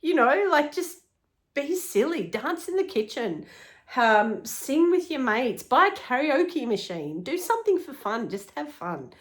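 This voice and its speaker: A middle-aged woman, a life coach, talking casually to camera in a chatty, upbeat way, often laughing. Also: medium pitch.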